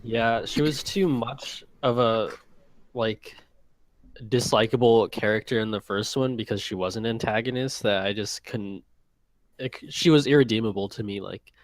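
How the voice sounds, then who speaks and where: A man's voice: on the low side, normal speed, no room sound, rough recording. Hesitant man in a casual chat. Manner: hesitant, many fillers. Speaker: podcast co-host.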